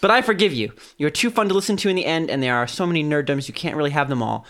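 A woman's voice: low voice, expressive, racing. A woman hosting a podcast in casual chat, reading listener letters aloud and laughing often.

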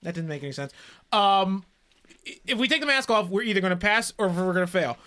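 A man in a casual tabletop session, talking in quick bursts with a lively, bouncing pitch. His voice is bright and forward. He keeps cutting in to stop the group and rethink. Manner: talks quickly, interrupts with repeated "hold on". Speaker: tabletop game player. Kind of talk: casual game chat.

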